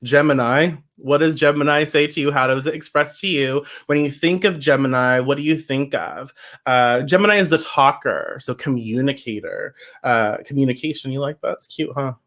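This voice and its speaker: Guy doing a chill tarot reading on a stream, chatty, mid pitch, gets emphatic. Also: normal speed, a bit bright. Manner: chatty and emphatic, reacts to viewer comments. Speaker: tarot reader. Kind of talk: casual livestream tarot reading.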